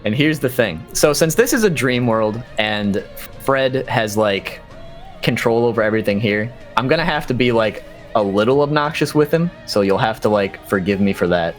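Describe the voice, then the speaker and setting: A man's voice: mid-range voice, lively intonation, moderate pace, soft background music. Laid-back man running a tabletop game. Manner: laid-back, chuckling storyteller. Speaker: dungeon master.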